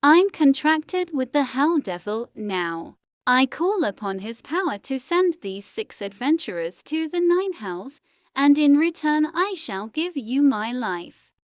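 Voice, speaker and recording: A woman's voice: high-pitched, big pitch swings, slow, dry recording, studio quality, heavily acted. A woman voicing a small halfling warlock girl with a strong British accent, grave and weary. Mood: solemn. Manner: solemn, weary.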